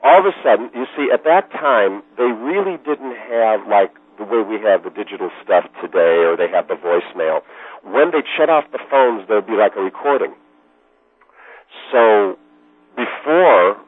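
A man telling a long anecdote in a rambling, animated way, often repeating himself, as a podcast guest. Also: fairly low pitch, husky, dry recording. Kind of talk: casual storytelling. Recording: dry, phone-like lo-fi sound.

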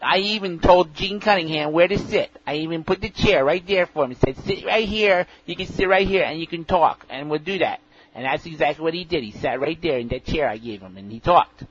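A rambling, self-important pinball know-it-all, as a man puts him on, with a somewhat high voice and a childlike, repetitive way of talking. He circles back on himself constantly and sounds pleased about everything. The recording is dull and lo-fi, with faint hiss underneath. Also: a little fast, a bit bright, lightly acted. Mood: rambling earnest. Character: odd, rambling middle-aged male pinball know-it-all.

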